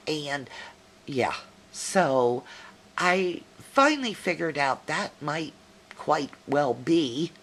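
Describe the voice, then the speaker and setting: Middle aged southern lady just chatting to a friend on video, low voice, slow and folksy. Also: fairly bright tone. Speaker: vlogger. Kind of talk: casual chat to a viewer.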